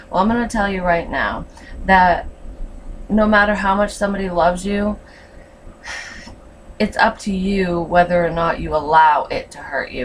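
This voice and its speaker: Frank tarot reader, a woman with a lowish voice, a bit off-mic with faint hiss. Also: far from the mic, rough recording. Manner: blunt and frank, swears freely. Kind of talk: casual tarot reading.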